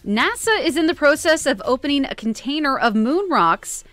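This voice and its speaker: A woman's voice: sits high, big pitch swings, normal speed, fairly bright tone, dry recording, faint music behind. Chatty female radio co-host. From Canada. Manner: chatty, reads news items conversationally. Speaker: radio morning show co-host. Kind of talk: casual radio banter. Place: radio studio.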